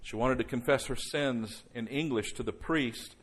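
Soft-and-loud preaching male pastor. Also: mid-range voice, slightly rough. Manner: slows down and drops soft for emphasis, then rises loud. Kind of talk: sermon. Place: church service before a congregation.

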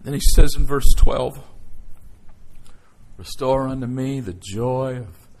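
A man preaching a sermon as pastor, emotional and emphatic, swelling from quiet to loud declarations. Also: medium pitch, steady tone, slow pace, vocal fry.

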